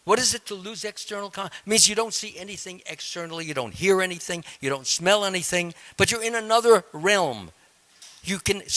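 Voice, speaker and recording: A man with a fairly high, bright and forceful voice teaches a devotional scripture class. He talks in a conversational way, builds each point step by step, and now and then turns to quiz his listeners in the temple hall. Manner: conversational, explains step by step and quizzes the audience.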